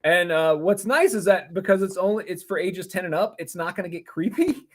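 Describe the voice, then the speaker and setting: Man, slightly high voice, co-host, casual chat, enthusiastic, rambling. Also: a little fast. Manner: enthusiastic, rambling with fillers and repeated starts.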